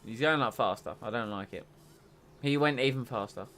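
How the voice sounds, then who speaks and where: A man casually commentating on his own racing game stream, jokey and rambling, getting excitable when the race starts. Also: medium pitch, moderate pace.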